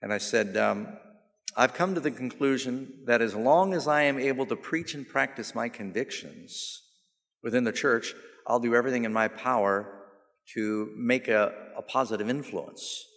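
A man's voice: mid-range voice, normal speed, a bit bright. Guy preaching a sermon, storytelling and jokes then getting emphatic, big echoey hall. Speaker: pastor. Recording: long hall reverb.

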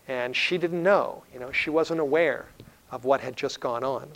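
Gravelly man giving an earnest sermon. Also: medium pitch, moderate pace, fairly bright tone, poor audio. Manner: earnest storytelling with frequent fillers and restarts. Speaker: evangelist speaker. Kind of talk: sermon-style lecture.

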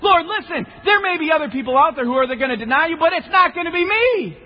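A man acting out a bold, loyal disciple who loudly swears he will stay faithful. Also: extremely high pitch, expressive, fast, pitched above the performer's own voice. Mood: defiant. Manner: shouting protest. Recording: echoey hall, slightly muffled.

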